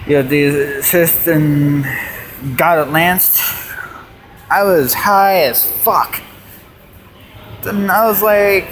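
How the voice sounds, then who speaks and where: A man's voice: high voice, slow, long pauses, a bit bright. A young man telling rambling jokes and stories in a comedy monologue, jumping between bits and put-on voices. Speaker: amateur comedian. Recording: faint background noise.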